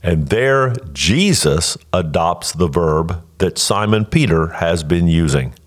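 A middle-aged man preaching an expository sermon as pastor, measured, slowing down when he quotes scripture. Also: low-pitched, expressive.

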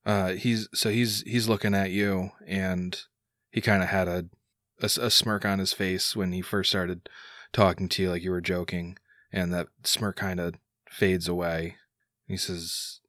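Low-voiced man narrating as game master. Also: level tone, unhurried, fairly bright tone, no echo, studio quality. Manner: loose, filler-heavy narration.

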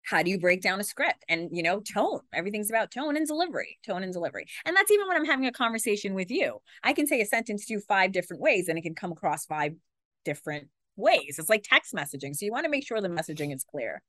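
A woman in her forties, a TV news anchor, talking fast and animatedly in a conversational interview and acting out quotes. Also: medium pitch, no echo, clean studio sound. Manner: fast, animated talker who acts out quotes.

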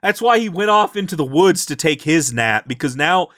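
High-pitched guy on a podcast, animated, acting out lines from his game, super dry mic. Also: no echo. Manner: animated, acts out characters' lines in quick asides. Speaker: podcast co-host. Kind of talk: casual podcast recap of a tabletop game.

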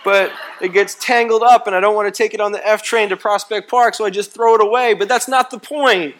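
A man preaching a sermon as pastor, telling stories in a playful, animated way. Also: high-pitched, a little fast. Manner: animated storytelling, playful and comic. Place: church.

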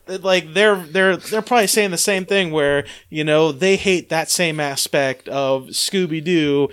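Casual male podcast host, rambling and filler-heavy, a bit high-pitched. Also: unhurried, a bit bright, clean tone. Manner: rambling, many fillers and restarts.

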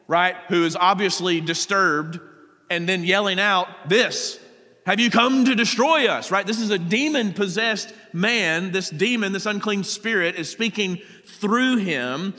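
A man's voice: high-pitched, pushed and bright, big-room sound. A man preaching a sermon, reading scripture passages aloud and then explaining them to the congregation. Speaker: pastor. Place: church sanctuary.

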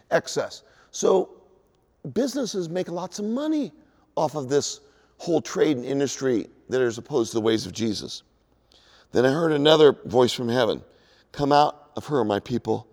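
A man's voice: mid-range voice, darkish tone. Preaching man in a reverberant hall. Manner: emphatic preaching, reading scripture aloud. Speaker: pastor. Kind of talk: sermon.

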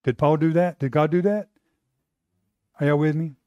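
American man, bible class preacher, mellow, dry close sound, quizzes listeners. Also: on the high side, moderate pace, no room sound, highs cut off. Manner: asks the room questions, animated, repeats himself. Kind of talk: conversational Bible teaching.

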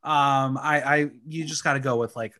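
A man's voice: medium pitch, steady tone, moderate pace, sharp tone. A man hosting a casual podcast chat, reading news items and adding his own asides. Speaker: host.

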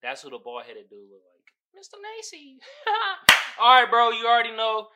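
A man's voice: very high-pitched, huge pitch swings, moderate pace, heavy background noise. A man hosting a podcast, riffing casually on memes with profane slang and frequent laughter. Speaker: podcast host. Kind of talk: casual comedic commentary on memes.

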